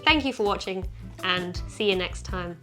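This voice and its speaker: A woman hosting a casual chat, playful and jokey, with animated reactions. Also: on the low side, normal speed, over music. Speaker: host.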